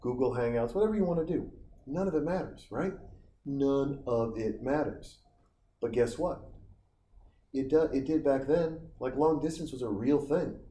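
This man from Montana, in his forties, rambles through foul-mouthed, tangent-heavy stories outdoors on a summer trip. His voice runs on the high side with a dark tone and normal speed, and a little hiss or hum sits in the roomy, faintly ambient recording.

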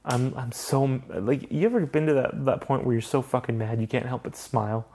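A man's voice: mid-range voice, brisk, a little mellow. A young man hosts a casual podcast chat. He tells his story in a heated, profane way, swearing freely as he goes. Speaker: podcast host.

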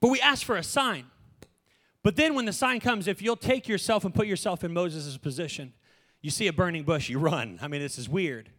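A young man preaching a sermon in a joking, animated way, often laughing. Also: sits high, normal speed. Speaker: pastor.

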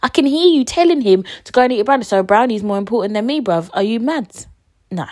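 A woman podcast host tells a story in casual, slangy talk, animatedly acting out what people said. Her voice is a little high, and she talks fast.

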